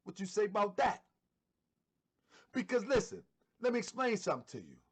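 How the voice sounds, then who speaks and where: A man with a high, sing-song voice and a breathy edge speaks at normal speed while hosting an online show. His religious commentary is fervent, sometimes shouted, and he repeats phrases for emphasis.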